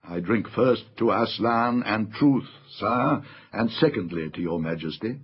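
A man voicing a grave, deep-voiced male centaur, a stargazer speaking in solemn, earnest pronouncements. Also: animated, unhurried, breathy edge, heavily acted. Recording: slightly dull lo-fi audiobook recording.

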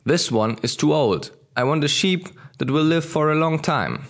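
A man voicing a small, earnest boy prince who asks softly and gravely but keeps insisting. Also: a little high, expressive, moderate pace. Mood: insistent. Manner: soft, grave and persistent.

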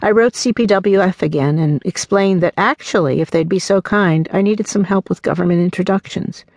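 A woman narrating her own memoir as an audiobook, telling the story in an earnest, warm way and voicing the people in it. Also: lowish voice, moderate pace, dry recording, clean studio sound.

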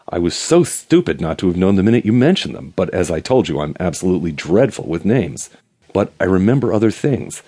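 A male audiobook narrator voicing an excitable, gossipy man with a twittering, breathless way of talking that swings from coy to sharp. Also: low-pitched. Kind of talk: audiobook character voice.

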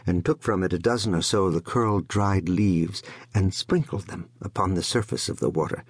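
A man narrating an unabridged classic novel as an audiobook, in measured, expressive storytelling. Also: low voice, slightly rough, dry recording, studio quality.

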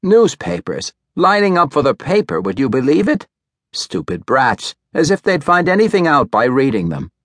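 A man's voice: medium pitch, very animated, normal speed, fairly bright tone, no echo, clean studio sound, pitched above the performer's own voice. A man voicing a scornful elderly woman who rants and scolds, in an audiobook reading. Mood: grumbling. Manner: scolding, complaining rant.

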